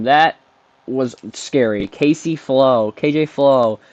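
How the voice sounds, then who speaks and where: Excitable gamer guy on a dull mic. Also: mid-range voice, measured pace. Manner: excitable, talks trash at the game, bursts into shouts. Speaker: gaming streamer. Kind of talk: let's play commentary.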